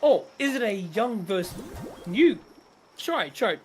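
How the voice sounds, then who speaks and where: A man with a notably high voice holds forth in casual chat on a gaming stream. He rants with strong opinions and swears often, over a faint hiss of background noise. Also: takes it slowly. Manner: animated, opinionated ranting with swearing. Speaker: streamer co-host.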